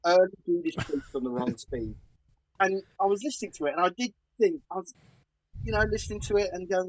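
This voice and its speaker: A man's voice: high-pitched, a little fast, a little hiss or hum, low-quality recording. A man with a Cockney accent co-hosting a podcast. He gives blunt album opinions in casual chat, with dry humor. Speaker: podcast co-host.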